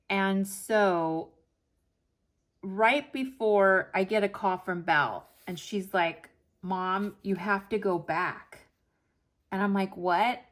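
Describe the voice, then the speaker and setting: In her forties, a planner vlogger takes it slowly at medium pitch while telling a long story in a chatty vlog. She's lively about it, voicing the dialogue she quotes.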